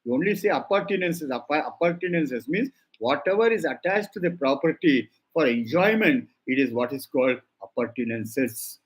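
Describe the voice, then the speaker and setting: A man's voice: on the high side, expressive, normal speed, hardly any pauses, breathy edge, rough recording. An older man with an Indian English accent, lecturing on legal drafting and dictating clauses while stressing key words for his students. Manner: emphatic, repeats key words for students to note. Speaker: law lecturer.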